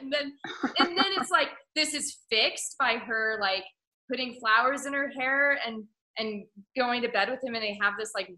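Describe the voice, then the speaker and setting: A woman casually discussing a film, animated, often acting out characters in exaggerated voices. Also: on the high side. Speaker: film reviewer. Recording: echoey room.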